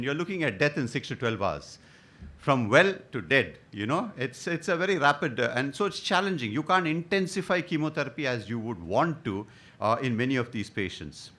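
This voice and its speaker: Middle-aged male doctor lecturing a conference, hesitant fillers, animated pitch. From India. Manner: hesitant "uh" fillers, rhetorical questions, lively delivery. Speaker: hematologist giving a conference talk.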